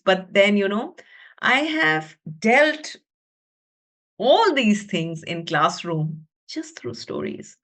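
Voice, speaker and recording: Woman teacher presenting a webinar: animated, expressive storyteller, slow and higher-pitched. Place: her own room at home.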